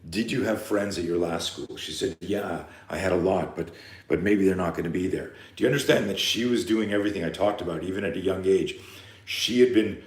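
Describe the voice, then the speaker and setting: Man, deep voice, seminar speaker, animated storytelling, roomy echo. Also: fairly quick. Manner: animated storyteller, acts out quotes, addresses parents directly. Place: seminar room.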